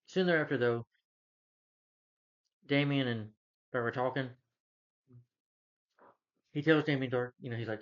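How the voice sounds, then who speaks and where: At a measured pace with frequent pauses, a mid-range male voice rambles through a recap of TV episodes. The video creator retells scenes and dialogue loaded with "he's like" and "you know," recorded in slightly dull lo-fi sound.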